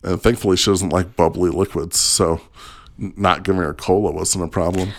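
A man with a very low voice co-hosts a casual podcast, chatting in a laid-back way and laughing easily. He keeps a loose, conversational rhythm. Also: fairly even intonation, normal speed. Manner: laid-back, chuckling often. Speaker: podcast co-host.

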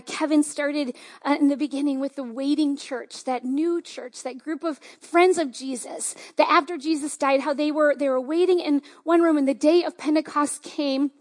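A woman pastor giving a conversational, enthusiastic sermon with lots of fillers. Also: high voice.

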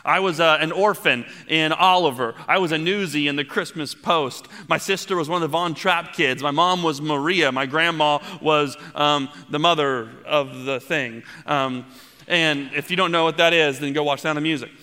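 A man in his thirties preaching a sermon, telling stories with playful asides and growing animated. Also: on the high side, moderate pace, in a large hall. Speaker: pastor.

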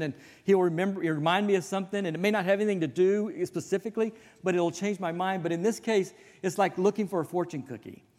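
A man's voice: high-pitched, a little mellow. A male pastor giving a conversational sermon, telling folksy stories with self-deprecating asides. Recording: long reverb of a hall.

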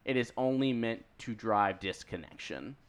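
A man's voice: mid-range voice, expressive, moderate pace, clean tone. A man co-hosting a casual discussion, earnest and reflective, often agreeing with "correct". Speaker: podcast co-host.

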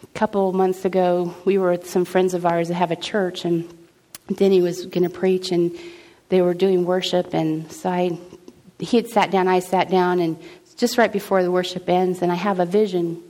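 A woman's voice: fairly low pitch, little pitch movement, normal speed, mellow. A middle-aged woman sharing a personal faith testimony in an earnest, conversational way, full of restarts and acted-out dialogue. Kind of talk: faith testimony, casual storytelling.

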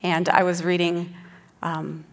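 A woman's voice: lowish voice, little pitch movement, takes it slowly, big-room sound. A woman giving an earnest sermon who teaches the passage and reads scripture aloud with rising emphasis. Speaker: preacher.

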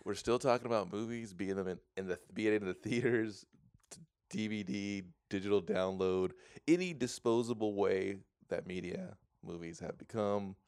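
Low-voiced man joking on a podcast. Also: normal speed, a little mellow, clear, resonant tone, no room sound, studio quality. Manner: jokey, rambling, laughs often. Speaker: podcast co-host. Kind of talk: casual movie podcast banter.

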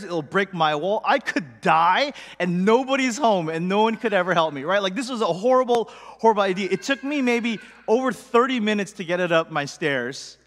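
Brief: male preacher, high voice, chatty storytelling sermon, long hall reverb. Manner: animated, conversational storytelling with many 'like' fillers.

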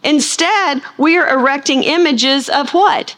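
Fairly high-voiced woman teaching a sermon. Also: fairly bright tone. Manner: asks the room questions and answers them; slows and stresses key words. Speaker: Bible teacher.

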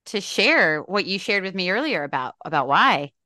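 Woman, bright tone, dry sound, podcast host, animated and emphatic. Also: lowish voice, moderate pace, no room sound. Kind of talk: casual conversation.

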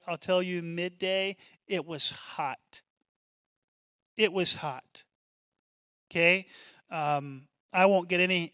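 A man preaching a sermon as pastor, in an animated, conversational way with asides. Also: high-pitched, dry recording.

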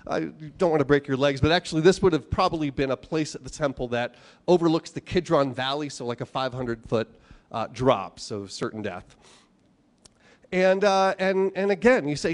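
A man preaching a sermon, animated, asking rhetorical questions and acting out the voices of the people he quotes. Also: fairly high pitch, moderate pace. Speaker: pastor.

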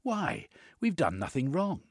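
A man voicing a posh, gallant gentleman adventurer with a plummy, indignant manner. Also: on the high side, wildly swooping pitch, a little slow, gravelly, breathy edge, dry recording, studio quality, voice pushed up, exaggerated voice.

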